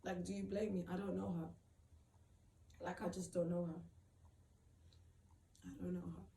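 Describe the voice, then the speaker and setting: A woman tells her own story in a halting, emotional way, often repeating herself and filling gaps with "like". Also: lowish voice, flat delivery, gravelly, warm tone. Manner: halting, repeats phrases, many fillers. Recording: roomy, distant mic, faint background noise.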